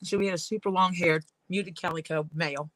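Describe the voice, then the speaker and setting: A woman's voice: lowish voice, steady tone, fairly quick, dry recording, poor audio. A woman leatherworker rambling through casual stories while she works at her craft. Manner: rambling, storytelling.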